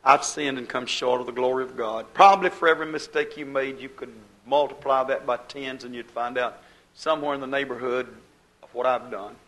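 A man's voice: medium pitch, fairly even intonation, fairly quick, fairly bright tone, low-quality recording. A man pastor preaching a fiery sermon, building emphasis and quoting scripture.

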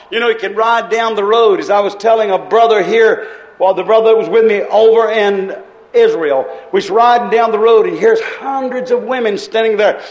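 A man preaching a sermon with passion, drawing out quotes and rising to shouts. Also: high voice. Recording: echoey room.

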